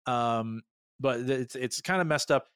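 A man's voice: medium pitch, measured pace, fairly bright tone, smooth, no echo, studio quality. A man co-hosting a podcast, chatting casually through an episode recap with lots of fillers and acted-out lines. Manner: rambling, filler-heavy, acts out characters' lines. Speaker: podcast co-host.

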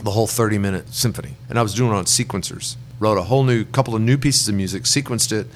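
Speaking fast in a fairly low voice, with slight hiss or hum on the audio, a middle-aged songwriter relaxes into storytelling as an interview guest. His anecdotes run long and wander, and he performs the voices of those he quotes.

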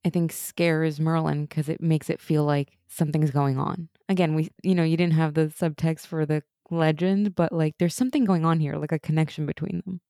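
A chatty woman co-hosting a casual rewatch chat. Her voice sits low and mellow, and she fills her talk with "like." The sound is dry and close. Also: steady tone, dry recording. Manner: chatty, uses "like" often, quick laughs. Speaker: podcast co-host.

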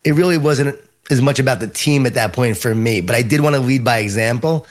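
A man's voice: mid-range voice, brisk. Man with a Long Island accent. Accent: Long Island New York. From Long Island, New York. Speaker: author and leadership speaker. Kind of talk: interview storytelling.

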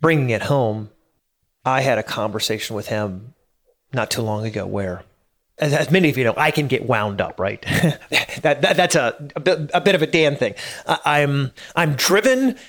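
A man's voice: medium pitch, animated, normal speed, fairly bright tone. A man in his late thirties giving a casual motivational monologue, earnest and prone to stammering and repeating words as he gets worked up. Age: 30s. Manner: laughs at himself now and then.

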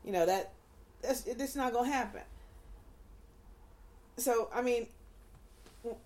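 A woman in her forties hosting a podcast, chatting candidly and telling stories with laughter. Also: mid-range voice. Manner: candid, laughing, animated storyteller. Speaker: podcast host. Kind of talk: casual chat.

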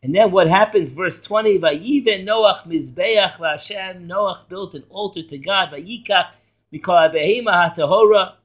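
A high-pitched male rabbi teaches an animated Torah class, firing questions at his students and teasing them with jokes. The recording sounds dull and lo-fi. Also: normal speed. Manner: lively, quizzing students, joking.

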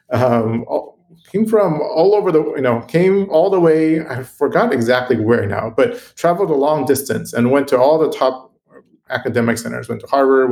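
A man being interviewed as a guest, telling a personal story in an earnest, halting way with frequent ums and restarts. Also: mid-range voice, darkish tone. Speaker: guest, computational biologist.

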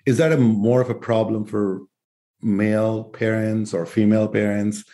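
A man hosting a conversational interview, relaxed and joking as he tells a personal story. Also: on the low side, normal speed. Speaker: interview host.

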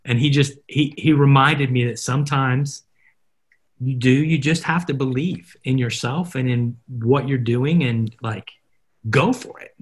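A man's voice: mid-range voice, measured pace, breathy edge. A man in his fifties, a marketer and podcast guest, telling stories in a casual interview and acting out the dialogue. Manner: animated, acts out dialogue in stories.

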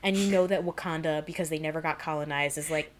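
A woman co-hosting a podcast in casual chat, talking fast and loose with lots of "like" fillers. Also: low voice, fairly even intonation. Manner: chatty, heavy use of "like", quick asides. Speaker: podcast co-host.

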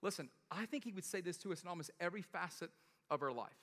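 This pastor preaches as if swapping stories with friends, laughing often and tossing in "right?" as he jokes along casually. His voice is high, bright, animated and fast, and a long reverb follows him as though he's in a large hall.

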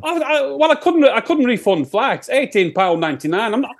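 A man's voice: very high voice, sing-song, a little fast, pitched above the performer's own voice, heavily acted. A man voicing a cocky, sweary rock singer with a put-on Sheffield accent, rambling crudely.

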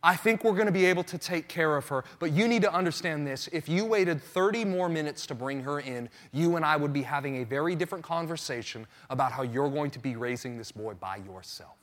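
A man in his thirties preaching a sermon, telling a story with animated storytelling and acting out his own panic. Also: on the high side, a little fast, hardly any pauses. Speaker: pastor.

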